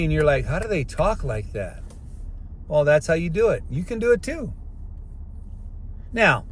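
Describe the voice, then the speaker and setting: A middle-aged man hosting a casual self-help talk, speaking straight to viewers and sometimes stretching words out slowly to show clear diction. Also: medium pitch. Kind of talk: casual advice monologue. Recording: street noise behind voice.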